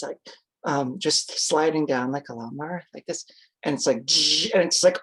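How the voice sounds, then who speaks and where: An adult vlogger telling a personal story in a casual, rambling way, full of fillers, swearing freely and acting out their own reactions. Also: mid-range voice.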